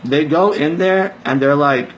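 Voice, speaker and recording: A man's voice: on the high side, a little slow, slight background noise, poor audio. A man, a network marketer, giving a casual motivational talk to his team, emphatic and preachy, repeating phrases for stress.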